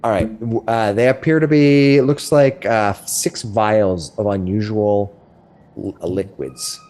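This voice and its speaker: A middle-aged man narrating as game master, describing rooms in a halting way with many restarts. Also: fairly low pitch, darkish tone.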